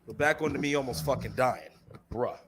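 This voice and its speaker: A young man co-hosting a podcast in casual chat, animated and laughing often, with frequent swearing. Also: medium pitch, fairly quick, vocal fry, slight background noise. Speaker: podcast co-host.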